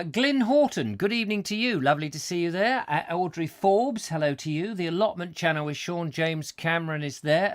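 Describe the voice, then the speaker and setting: Jokey guy hosting a live show, reading viewer comments, voice bouncing all over, a bit high. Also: fairly bright tone. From England. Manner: playful, jokey, slips into silly voices and sound effects. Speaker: host of a live call-in chat show. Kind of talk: comic rambling chat, reading out viewer messages.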